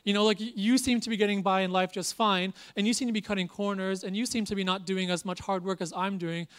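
A young man preaching a sermon from a church stage. He is earnest and animated, repeats himself for emphasis, and jokes at his own expense. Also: high voice, fast talker, clean tone. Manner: earnest and animated, with self-deprecating humor; preaches with lots of repetition. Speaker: pastor.

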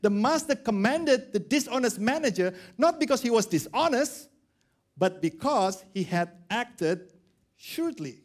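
A man's voice: very high voice, measured pace. A male pastor preaching a sermon, acting out the characters of a parable. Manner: animated, acts out characters.

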